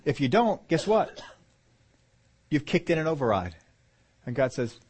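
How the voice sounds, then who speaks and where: A man delivering a sermon with a slightly higher voice than most men. He preaches with urgency, jumping from loud emphatic bursts down to quiet, low asides. He often circles back and repeats phrases for weight. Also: big pitch swings, measured pace, a little hiss or hum.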